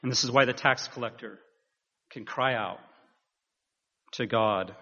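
A man preaches in an unhurried, earnest manner, pressing his points with rising emphasis. His voice sits in a middling register and carries a long reverberation. The recording sounds somewhat dull and muffled. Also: medium pitch, sharp tone. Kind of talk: sermon.

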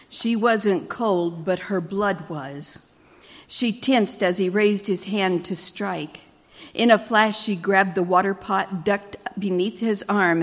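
Woman reading a story in a hall. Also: mid-range voice. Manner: expressive, measured storytelling. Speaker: reader at a church service.

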